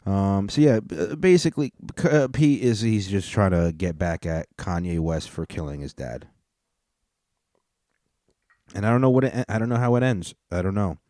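A man with a lowish, mellow voice rants through a casual comedy podcast, cursing freely and rambling from one thought to the next. He is recorded close and dry. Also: animated, normal speed, dry recording. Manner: profane, rambling, with frequent restarts. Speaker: podcast host.

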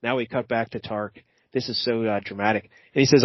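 A man's voice: fairly low pitch, fairly even intonation, quick pace, slightly rough, no echo. Rambling, jokey male podcast host. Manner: rambling and jokey, with many fillers. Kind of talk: casual chat recapping a comic. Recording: dull lo-fi sound.

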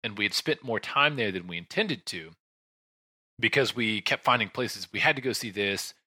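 Dry, sharp-voiced man telling a story. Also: fairly low pitch, normal speed, no room sound. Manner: rambling, with restarts, asides and sighs. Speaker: podcast host telling a travel story. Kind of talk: casual storytelling. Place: home room with a shelf behind him.

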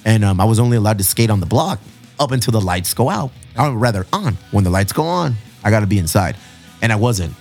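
A man's voice: on the low side, quick pace, faint music behind. A man, telling stories on a podcast in a casual, swearing style, mixing in Spanish and acting out his family. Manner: animated, swears freely, mixes in Spanish, acts out relatives. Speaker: podcast host. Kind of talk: casual storytelling chat.

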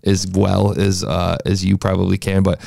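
A man's voice: sits low, flat delivery, moderate pace, gravelly, mellow, no echo, studio quality. A man casually critiquing a podcast, chatty and prone to restarts and fillers. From United States. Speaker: podcast reviewer.

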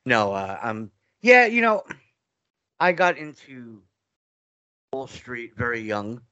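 A man's voice: mid-range voice, big pitch swings, slow pace, bright, forceful tone, no echo, muffled recording. A middle-aged man, a guest telling stories in a loose, rambling way, often restarting his sentences. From New York. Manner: rambling, restarts often, acts out quoted dialogue. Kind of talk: casual interview storytelling.

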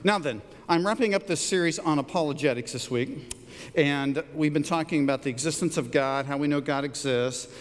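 A middle-aged man preaching a sermon, an animated storyteller who jumps up in pitch for quoted lines. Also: fairly quick. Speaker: pastor. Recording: long hall reverb.

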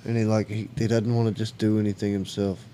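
A man's voice: lowish voice, flat delivery, fast talker, mellow, slight background noise. A man co-hosting a casual podcast chat, rambling and swearing as he tells a work story. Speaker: podcast co-host.

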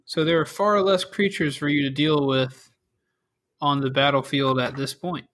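A man narrating a tabletop game as game master, relaxed and full of fillers. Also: a little high, normal speed.

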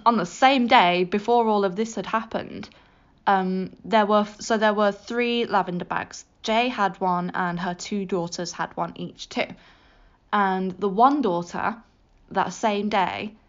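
A British woman spins spooky family tales in a loose, chatty podcast style. She talks in a lively, animated way, restarting phrases and correcting herself as she goes. Her voice sits at a middling pitch, and the recording is a little muffled and lo-fi. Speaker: podcast host. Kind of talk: casual spooky storytelling.

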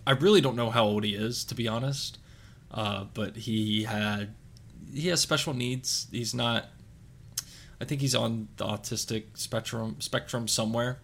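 A man's voice: mid-range voice, fairly even intonation, unhurried, vocal fry, fairly bright tone, a little hiss or hum. A young man on a podcast, chatting casually and telling a rambling story full of fillers and restarts. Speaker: podcast co-host.

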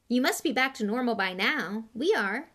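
A woman voicing a blunt, cheeky teenage boy wizard in a lively, slightly raised voice, in a storybook reading. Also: a little high, moderate pace, pitched above the performer's own voice.

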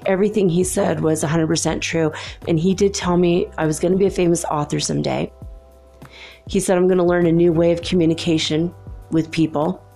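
A middle-aged woman casually telling a personal story in a chatty, animated way, laughing often. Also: lowish voice, fairly quick, vocal fry, faint music behind. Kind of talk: casual anecdote.

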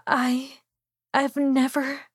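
A woman reading fan fiction aloud, voicing an earnest, defensive young woman lover with a higher, pleading delivery. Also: monotone, extremely slow, no room sound, studio quality. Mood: nervous.

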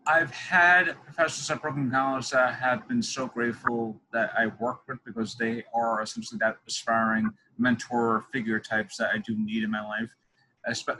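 A man's voice: mid-range voice, pushed and bright, slight background noise, low-quality recording. A young man interviewing a guest, telling long, digressive stories in casual conversation. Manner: chatty, digressive storytelling.

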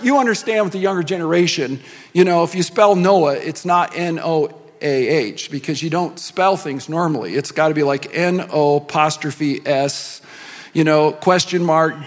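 A middle-aged man preaching a sermon as pastor, talking in a loose, joking way with many asides. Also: a little high. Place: large church hall. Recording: long hall reverb.

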